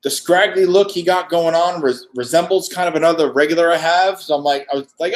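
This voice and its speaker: A man on a casual live-stream chat, telling a lively story and acting out the dialogue. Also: on the high side, brisk, few pauses. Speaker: co-host. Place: wine shop after hours, dim lighting.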